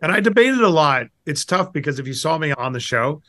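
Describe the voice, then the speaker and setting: Lively man telling candid stories. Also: fairly quick, no room sound. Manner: animated, acts out quotes with big pitch jumps; candid and self-deprecating. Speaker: guest investor. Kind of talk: storytelling interview answers.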